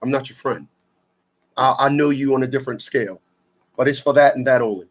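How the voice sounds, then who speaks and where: A man's voice: medium pitch, brisk. A man from Newark, hosting a radio talk show in a blunt, rambling, preachy monologue full of slang. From Newark, New Jersey.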